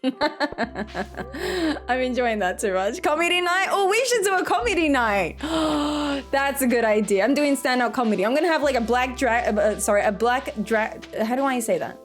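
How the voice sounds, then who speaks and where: A woman's voice: sits high, lively intonation, moderate pace. A woman streamer chatting casually with her viewers, playful and jokey, giggling at her own jokes. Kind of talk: casual live-stream chat.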